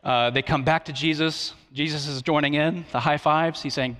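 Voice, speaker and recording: A man's voice: medium pitch, steady tone, normal speed, fairly bright tone. A middle-aged male pastor preaching a sermon in a conversational, earnest way, with light humor and frequent restarts. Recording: long reverb of a large hall.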